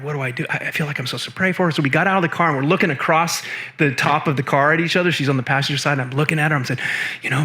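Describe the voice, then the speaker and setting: A man telling stories from his career as a guest in an interview, acting out the voices of people he quotes. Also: a little high. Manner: animated, acts out quoted voices. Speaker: guest, film producer and assistant director. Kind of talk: storytelling interview talk.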